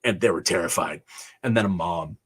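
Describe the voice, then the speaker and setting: A man's voice: deep voice, brisk, husky. A man on a livestream, telling his life story casually, chuckling often and rambling with fillers. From Canada. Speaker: livestream host.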